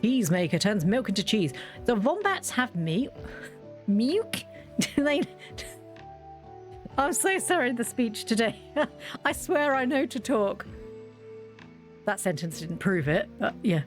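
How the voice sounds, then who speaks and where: A woman's voice: on the high side, very animated, unhurried, long pauses, soft background music. Chatty woman rambling over a game. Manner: rambling, self-mocking, giggly. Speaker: gaming streamer. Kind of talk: casual let's-play chat.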